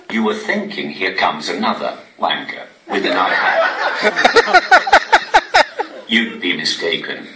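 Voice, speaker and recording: A posh synthetic male computer voice delivers stand-up comedy in a slow, deadpan manner. It sits low and swings widely in pitch. The recording is roomy and distant, with heavy noise underneath. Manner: deadpan, evenly paced machine delivery. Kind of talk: stand-up comedy delivered through a text-to-speech voice. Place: cinema venue on stage before a laughing audience. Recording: echoey room, distant mic, loud noise.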